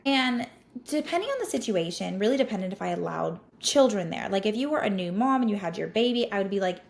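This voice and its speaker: A woman podcast host with a mid-range voice recounts a story about a client, sounding casual, animated and exasperated, and she says "like" a lot.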